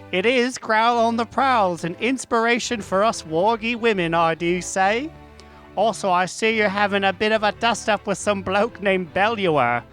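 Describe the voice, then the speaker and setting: Guy doing a high cockney wolf lady, gossipy and cheeky, reading her fan letter. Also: fairly bright tone.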